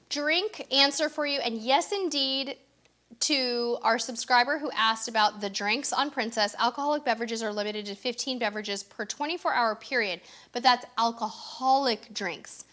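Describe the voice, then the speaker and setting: A woman's voice: a little high, sharp tone. A middle-aged woman co-hosting a casual cruise live stream, reading viewer comments aloud with bubbly, effusive exclamations.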